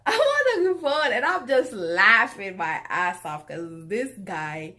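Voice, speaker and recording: A young woman telling a dating story in a blunt, profane vlog rant that keeps jumping to loud, exasperated outbursts. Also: fairly high pitch, sing-song, slow. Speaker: vlogger.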